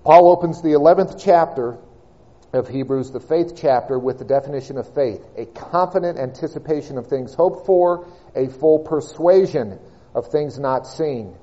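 A man preaching a sermon, reading and expounding scripture with measured, emphatic delivery and slowed key words. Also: on the high side, mellow, muffled recording.

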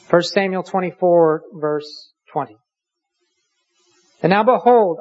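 A preacher giving a sermon, reading scripture aloud slowly and deliberately and posing rhetorical questions. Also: mid-range voice, darkish tone, dull audio.

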